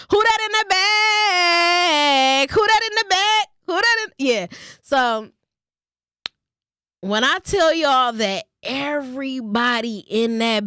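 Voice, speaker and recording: A woman's voice: medium pitch, a bit bright, dry recording, studio quality. A woman vlogger who reads a short passage aloud, then rants casually and bluntly with plenty of swearing. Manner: profane, blunt storytelling with ranting asides. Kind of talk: casual storytelling vlog.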